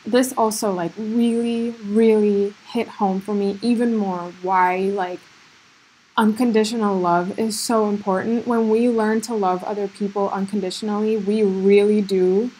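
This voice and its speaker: Here a woman of medium pitch, slightly mellow in tone, hosts a solo reflective podcast. She speaks earnestly and self-reflectively, leaning heavily on fillers like "like" and "you know," over a slight background noise.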